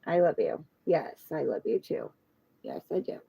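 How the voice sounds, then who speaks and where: A middle-aged woman hosts a casual tarot-reading livestream from home on her phone, her voice low, creaky and breathy at the edges, at a moderate pace. She chats loosely and relaxed, cooing fondly at her pet. The audio sounds dull.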